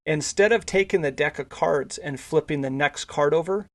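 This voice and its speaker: A man's voice: fairly high pitch, moderate pace. A male podcast host telling a casual anecdote, rambling with frequent restarts and repeated words. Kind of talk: casual storytelling.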